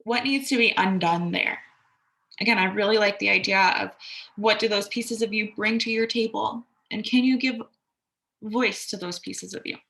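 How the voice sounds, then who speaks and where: A woman's voice: medium pitch, normal speed, gravelly, fairly bright tone. Candid woman talking through self-care advice. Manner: candid, conversational, swears casually and acts out quoted voices. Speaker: astrology and self-care podcaster. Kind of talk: reflective casual monologue.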